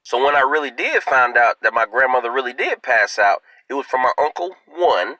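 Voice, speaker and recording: A man telling a comic story to his viewers in a playful, animated way. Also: mid-range voice, a little fast, no room sound, low-quality recording. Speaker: video host.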